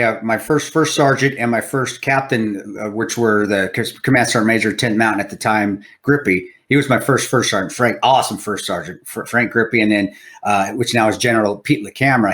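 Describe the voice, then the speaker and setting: A man's voice: on the low side, brisk, a bit bright. A man hosting a podcast, chatting casually and encouraging his guest with frequent agreement. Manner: encouraging, frequent yeahs and laughs. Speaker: podcast host. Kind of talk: casual interview chat.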